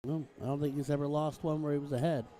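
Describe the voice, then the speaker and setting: Male darts co-commentator, mellow voice. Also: a little high, fairly even intonation, quick pace, slight background noise. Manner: easygoing, banters. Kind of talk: live sports commentary.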